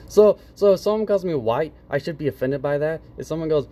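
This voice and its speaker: Sarcastic guy ranting at a clip, swears a lot, warm low-key voice. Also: expressive, fairly quick, hardly any pauses. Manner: sarcastic, profane, mocking mimicry. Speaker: reaction commentator. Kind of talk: casual reaction commentary.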